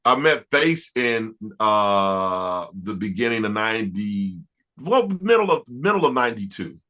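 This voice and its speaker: A middle-aged man, an R&B producer, telling stories in a casual interview, animated and stumbling over restarts. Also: on the low side, unhurried. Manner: animated, laughing storyteller with many restarts.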